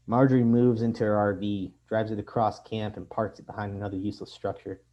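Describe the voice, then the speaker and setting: A man reads his own fiction aloud in a measured, deadpan way. His voice sits low and sounds dark and mellow. The lo-fi recording sounds dull. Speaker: author reading his fiction. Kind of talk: literary reading.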